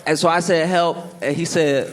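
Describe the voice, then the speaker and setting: A man's voice: a little high, animated, moderate pace, some chatter behind. A male stand-up comedian telling a story on a club stage and acting out his own inner voice. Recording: live club recording with audience noise.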